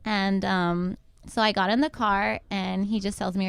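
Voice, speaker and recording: A young woman telling a personal story in casual chat, acting out what others said to her in quick quoted lines. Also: mid-range voice, steady tone, creaky, clear, resonant tone, dry recording. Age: young adult. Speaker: guest mother.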